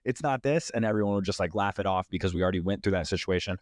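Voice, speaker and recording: A man's voice: sits low, little pitch movement, very fast, no echo, studio quality. A young man in his twenties hosting a podcast, giving blunt, profane, emphatic relationship advice in a casual monologue. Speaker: podcast host.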